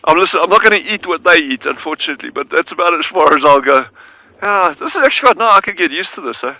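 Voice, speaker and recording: A man talking viewers through a live wildlife watch outdoors, easygoing and quick to laugh. His voice is very bright and sits a little high for a man. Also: expressive, no room sound, low-quality recording. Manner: easygoing, chatty, laughs readily. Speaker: wildlife guide. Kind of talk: live safari broadcast. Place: outdoors near meerkat burrows.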